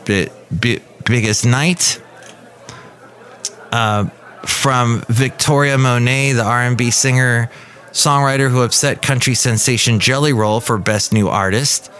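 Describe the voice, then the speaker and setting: A man's voice: mid-range voice, measured pace. Rambling, opinionated man hosting a podcast. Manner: rambling, opinionated, animated reading of news quotes. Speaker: podcast host. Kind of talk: casual solo podcast commentary on music news.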